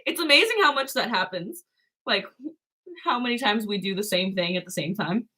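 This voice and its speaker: A woman's voice: mid-range voice, lively intonation, moderate pace, bright, forceful tone. A young woman co-hosting a casual late-night stream with her sister, chatty and playful. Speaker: co-host, the host's sister.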